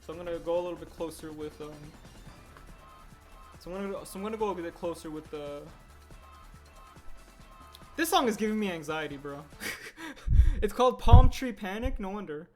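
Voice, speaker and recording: A man's voice: sits high, animated, normal speed, long pauses, darkish tone, faint music behind. A man livestreaming his stop-motion animation work, chatting casually and rambling as he corrects himself mid-sentence. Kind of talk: casual livestream chat while working.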